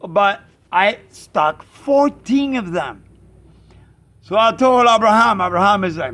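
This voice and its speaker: A man casually telling a story, animated, acting out friends' voices and bird sounds. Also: high-pitched, takes it slowly. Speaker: pigeon fancier, channel host.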